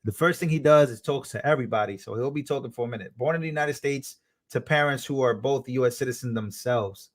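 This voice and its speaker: A man's voice: medium pitch, fast. A young man hosting a live stream, chatting casually, reading out chat messages and thanking donors.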